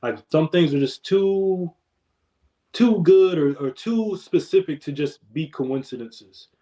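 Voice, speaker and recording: A young man, a podcast guest, in casual chat, telling stories in a laid-back, slangy way that trails off quietly. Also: a little high, slow.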